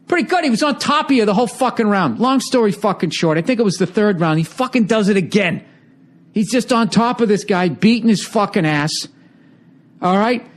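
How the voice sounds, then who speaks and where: Profane, sarcastic high-voiced man ranting. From United States. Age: 40s. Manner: sarcastic, rambling, swears constantly. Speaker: comedian podcast host. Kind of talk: profane comedic rant.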